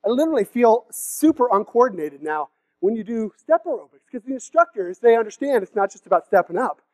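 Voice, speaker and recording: A man's voice: very high-pitched, big pitch swings, a little fast, darkish tone, dry recording. A young man from the Seattle area giving a comedic keynote talk at a conference, joking with the crowd and acting out silly voices. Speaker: conference speaker. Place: conference hall stage.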